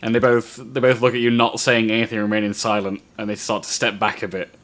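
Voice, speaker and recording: A man running a tabletop game as game master, explaining rules and narrating in a relaxed, halting way. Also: on the low side.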